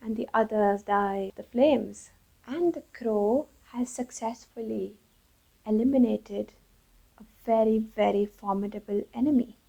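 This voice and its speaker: Husky, warm-voiced female storyteller. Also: on the high side, takes it slowly, highs cut off. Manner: lively, changes voice for each character. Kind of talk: storytelling for children.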